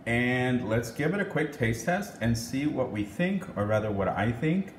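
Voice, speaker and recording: A man's voice: medium pitch, lively intonation, normal speed. An upbeat young man chatting his way through a home cooking vlog, friendly and rambling with plenty of ums. His voice bounces around a reverberant kitchen, with a faint hum underneath. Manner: chatty, upbeat, frequent um and laughs. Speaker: cooking channel host.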